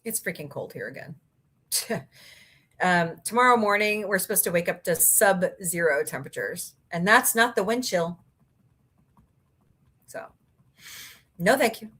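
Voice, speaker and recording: A woman's voice: lowish voice, lively intonation, measured pace, long pauses, a bit bright, husky. A woman hosting a casual livestream, reading out viewer comments and chatting with sarcastic jokes and laughs. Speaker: livestream host.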